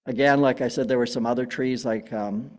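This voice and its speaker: A man's voice: medium pitch, steady tone, a little fast. Chatty man giving a gardening talk in a hall. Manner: casual, chatty, many fillers and restarts. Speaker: plant talk presenter. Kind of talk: public gardening talk with slides. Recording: long hall reverb.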